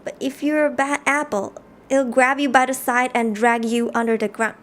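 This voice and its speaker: A woman voicing a soft-spoken old Russian grandmother with a mock Russian accent, telling a forest legend slowly and quietly. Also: sits high, fairly even intonation, close to an everyday voice. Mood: ominous, hushed. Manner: slow, hushed storytelling.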